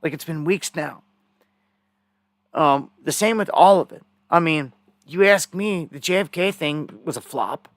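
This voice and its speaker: Male live-stream news host, rambling and indignant, slightly high voice, dry close sound. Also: lively intonation, unhurried, no echo.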